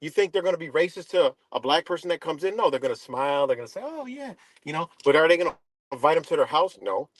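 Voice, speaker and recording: A man hosting a live stream, ranting casually and profanely, filling pauses with "right?" and "you know?". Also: on the high side, no room sound. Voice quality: dreadlocks wearer talking in a loose, street-casual way.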